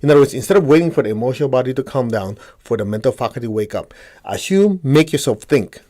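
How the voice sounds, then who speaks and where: A man with a medium-pitched, dark-toned voice speaks quickly and with lively intonation while teaching a meditation group. He explains ideas step by step, poses questions to the audience and answers them himself, and acts out inner dialogue as quotes.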